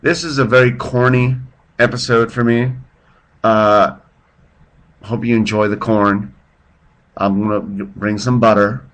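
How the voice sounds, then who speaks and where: A man's voice: lowish voice, fairly even intonation, measured pace, pauses often, fairly bright tone. A man hosting his own podcast off the cuff, rambling and self-deprecating, telling a joke with little voices for its characters. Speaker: podcast host. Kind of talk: off-the-cuff casual monologue. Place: at home, drinking beer while his partner sleeps.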